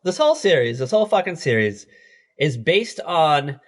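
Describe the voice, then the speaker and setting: Male podcast co-host, slightly higher-pitched voice, loose and profane, frequent laughs. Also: big pitch swings, moderate pace. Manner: loose, swearing, laughing often. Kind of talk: casual recap chat.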